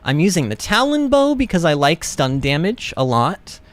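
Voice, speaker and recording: A man streaming a video game, chatting excitedly and talking back to the game. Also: on the high side, normal speed. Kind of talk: gameplay commentary.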